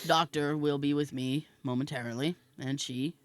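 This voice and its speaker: A woman hosting a podcast, telling a comic story in a casual, animated way and laughing often. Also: low voice, normal speed, no echo. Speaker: podcast host.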